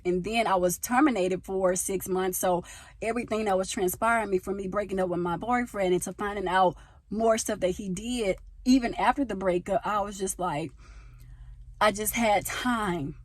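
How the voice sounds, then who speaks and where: A young woman from the United States talking casually into a handheld phone, telling a personal story and getting louder as she gets passionate. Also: medium pitch, moderate pace, no room sound. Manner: animated, gets loud when passionate. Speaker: vlogger. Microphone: phone held in hand.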